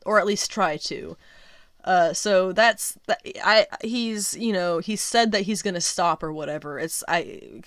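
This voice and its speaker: Brief: female podcast host, lower voice, dry close sound, chatty and emphatic, full of ums and restarts. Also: fairly bright tone, no room sound. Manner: rambling, many fillers and restarts; opinionated, emphatic. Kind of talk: casual solo commentary.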